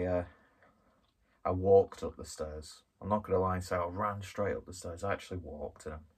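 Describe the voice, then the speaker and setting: Man, low voice, husky, casual rambling beer review, self-mocking jokes. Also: a little fast. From Skelmersdale, northwest England. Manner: rambling, self-deprecating, jokey.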